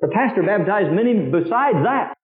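Animated preacher man, pretty high voice, tinny echoey radio sound. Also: moderate pace. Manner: animated, acts out quoted voices, drops low for scripture. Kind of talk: sermon.

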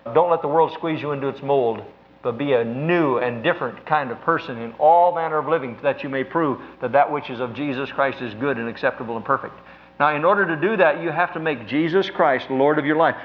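A man delivers a sermon earnestly and emphatically, slowing down to lean on key words. His pitch sits fairly high, and the recording is dull and lo-fi.

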